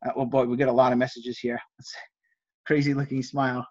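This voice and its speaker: A man's voice: mid-range voice, little pitch movement, fairly quick, a little mellow, lo-fi sound. A man hosting a live stream, coaching viewers on negotiation and reading out chat messages in an enthusiastic salesman-like way. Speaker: host of a live stream teaching resale negotiation.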